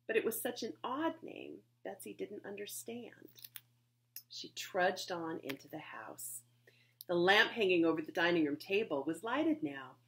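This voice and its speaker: A woman reading a children's chapter book aloud with expressive, lively storybook delivery. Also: on the low side. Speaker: reader, society board member.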